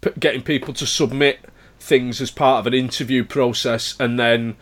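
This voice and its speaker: A man on a casual podcast, explaining things in a measured way with some restarts. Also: medium pitch, steady tone, fairly bright tone.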